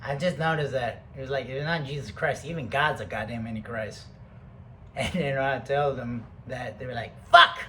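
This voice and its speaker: A man rambling through a profane, casual monologue to the camera, jumping between loud outbursts and soft mutters. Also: medium pitch, fairly even intonation, normal speed, a little hiss or hum.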